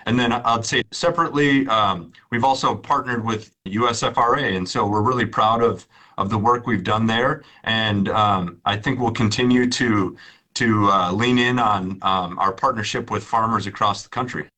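A man's voice: on the low side, moderate pace, bright, forceful tone. A man, a company executive, answering interview questions, often repeating and restarting words.

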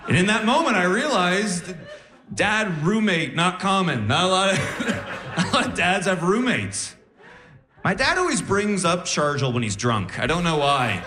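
A man's voice: a little high, normal speed. A man performing stand-up comedy, telling stories and acting out the voices of the people in them. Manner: animated storyteller, acts out voices. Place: comedy stage with live audience. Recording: roomy venue echo.

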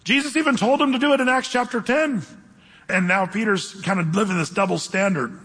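Male pastor, high husky voice, emphatic sermon, long hall reverb. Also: fairly quick, fairly bright tone. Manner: preaching with emphatic scripture reading and asides.

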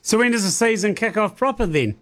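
A man's voice: high voice, lively intonation, brisk, fairly bright tone. A man hosting a casual radio interview, easygoing and teasing. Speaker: radio host.

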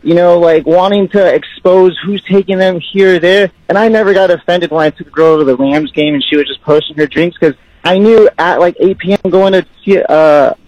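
A man with a fairly high voice calls in over a dull, muffled phone line. He lectures with easy confidence and says the same thing twice to drive it home. The sound is dry and close. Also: fairly quick, hardly any pauses, darkish tone, no echo. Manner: confident, lecturing, repeats himself. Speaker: radio caller. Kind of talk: casual call-in advice.

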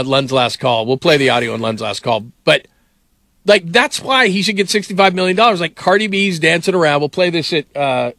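A man's voice: on the high side, gravelly, pushed and bright, no room sound. A middle-aged man hosting sports radio, telling rambling stories full of fillers in a casual way. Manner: rambling storyteller, many fillers.

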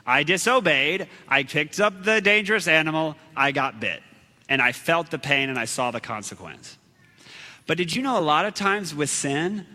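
Animated man preaching in a reverberant hall. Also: fairly high pitch. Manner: animated, acts out shouts and quotes, laughs at himself. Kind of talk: storytelling sermon.

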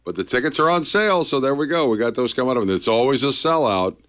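A man's voice: medium pitch, quick pace, clear, resonant tone, no room sound, clean studio sound. A man hosting a morning radio show, chatting and joking in an upbeat way over a faint music bed. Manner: chatty, jokey, lively delivery.

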